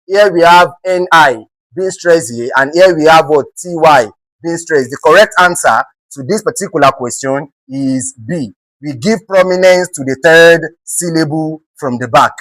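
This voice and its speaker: Nigerian teacher, dry close sound. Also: male voice, on the high side, unhurried, fairly bright tone, no echo, rough recording. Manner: asks rhetorical check questions; repeats words for emphasis. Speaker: English teacher. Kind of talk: exam-prep lesson.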